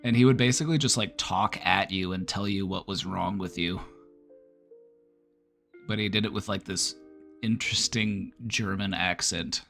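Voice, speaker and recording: A middle-aged man with a low-pitched voice talks casually as a host. He rambles, thinks aloud and restarts sentences, and light music plays underneath. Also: moderate pace, a bit bright. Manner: chatty, rambling, frequent restarts. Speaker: mental health video host. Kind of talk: casual commentary.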